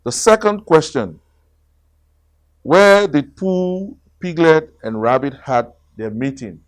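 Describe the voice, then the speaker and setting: Slow, expressive male storyteller. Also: fairly high pitch. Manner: slow and expressive, asking children questions. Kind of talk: reading a children's story aloud.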